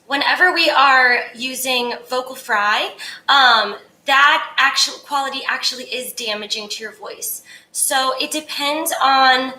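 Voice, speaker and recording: A woman's voice: high-pitched, sharp tone, echoey room, a little hiss or hum, rough recording. A young woman voice coach, upbeat and casual, answering viewers' singing questions and demonstrating exercises.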